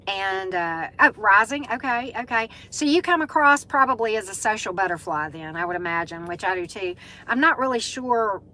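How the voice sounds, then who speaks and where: A woman's voice: mid-range voice, animated, normal speed, bright, forceful tone, poor audio. A middle-aged woman with a Southern US accent hosts a casual live-stream chat, greeting viewers by name and using lots of fillers. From Southern United States.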